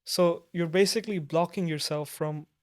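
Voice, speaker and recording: A young man with a fairly high voice that stays very level, as if the pitch barely moves. He hosts a podcast and talks in a soft-spoken, thoughtful way. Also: steady tone, moderate pace. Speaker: podcast host. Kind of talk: conversational podcast interview.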